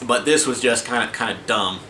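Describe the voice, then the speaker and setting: A man's voice: medium pitch, brisk, sharp tone. A man ranting casually to camera as a vlogger, exasperated and swearing, with many restarts and fillers. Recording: echoey room with faint ambient noise.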